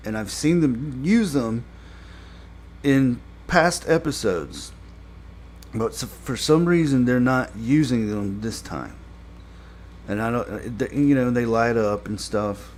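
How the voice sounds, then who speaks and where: A man's voice: medium pitch, slow, slight background noise. A man giving a casual spoken review of a TV episode. He rambles with many fillers and grows exasperated when he complains.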